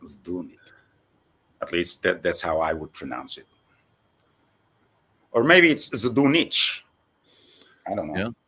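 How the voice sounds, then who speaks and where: Deep-voiced man explaining haltingly. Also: very animated, sharp tone, husky. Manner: hesitant, many fillers and restarts. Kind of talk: casual chat.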